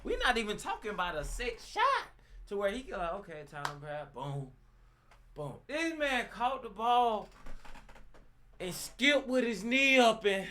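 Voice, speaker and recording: A man hosting a reaction video, reacting with excited, slangy exclamations. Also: very high-pitched, unhurried, slight background noise. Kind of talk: casual reaction commentary. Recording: loud music behind.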